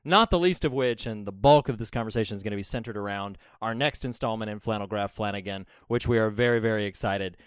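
A man's voice: on the low side, fast, hardly any pauses, smooth, no echo, clean studio sound. A man co-hosting a podcast in casual chat, laughing often and telling jokes. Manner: laughs often, tells jokes with put-on voices. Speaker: podcast co-host.

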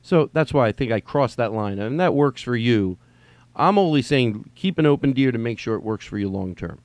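Male podcast host, casual and meandering, mid pitch, dry close-mic sound. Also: expressive, normal speed, darkish tone, no room sound. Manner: rambling, swearing, mimics texts in sing-song voice. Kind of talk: casual rambling podcast monologue.

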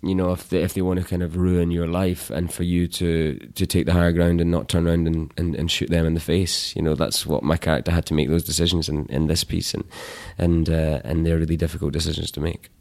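Low-voiced Scottish man, relaxed. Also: brisk, gravelly, few pauses. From Scotland. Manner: relaxed, thoughtful, laughs easily. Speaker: actor guest. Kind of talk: casual interview chat.

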